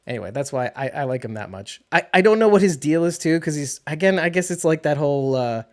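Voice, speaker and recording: A man co-hosting a casual podcast chat about a TV show, animated and laughing often. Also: a little high, fast. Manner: laughing, animated, does playful voices. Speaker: podcast co-host.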